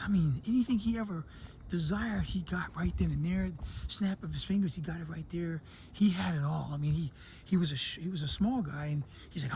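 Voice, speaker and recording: A man's voice: high voice, a little mellow, slight background noise. A man casually telling a long joke to camera, acting out the characters in raised voices. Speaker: vlogger living abroad.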